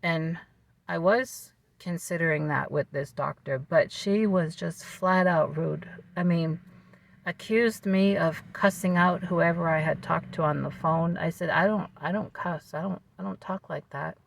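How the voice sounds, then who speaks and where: A vlogger telling a personal story to camera in a calm, measured way, with fillers and restarts. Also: medium pitch, gravelly, a little hiss or hum.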